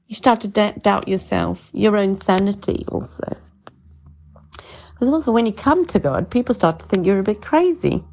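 A woman's voice: medium pitch, expressive, normal speed, creaky, a little mellow, highs cut off. A middle-aged woman giving an informal, chatty home sermon in an earnest tone, often calling things amazing. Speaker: preacher.

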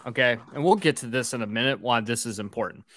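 A man's voice: medium pitch, fast talker, fairly bright tone. A man hosting a boozy movie podcast, recapping a film from his script with swearing and jokes. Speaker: podcast host.

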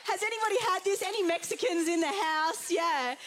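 A woman's voice: extremely high pitch, fairly quick, a bit bright. A young Australian woman preaching an earnest, chatty Pentecostal sermon to a congregation. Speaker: guest preacher.

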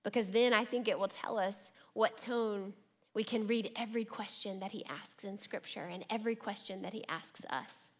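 A woman preacher giving a reflective, measured sermon and reading scripture aloud. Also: mid-range voice.

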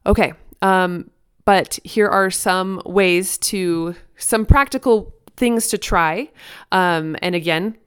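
A woman hosts a parenting podcast alone, giving advice in a clear, resonant, medium-pitched voice at a slow pace. She sounds earnest and encouraging, speaking casually and conversationally with fillers.

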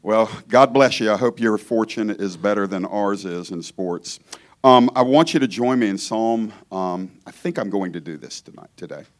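A Georgia man is guest preaching in a church, giving an informal sermon in a conversational, joking way. He often breaks off mid-thought to start over. His voice is lowish and his speed normal.

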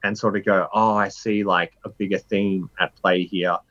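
A man in his thirties, a writer being interviewed, talking in a rambling, animated way full of fillers. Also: normal speed, dull audio. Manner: animated storyteller, jumps pitch for inner voices. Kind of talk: casual conversational interview.

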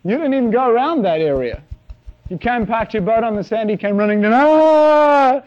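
A man preaching a sermon, telling stories in an animated way with acted-out sounds. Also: sits high, quick pace, dull audio. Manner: animated storytelling with shouted sound effects.

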